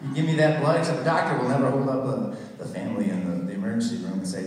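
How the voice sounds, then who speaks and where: A man's voice: medium pitch, steady tone, very fast, hardly any pauses, a little mellow. A man in his thirties doing a crude, rambling stand-up comedy set on a theater stage. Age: 30s. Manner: crude, rambling storytelling with many put-on voices. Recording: echoey hall, from far off.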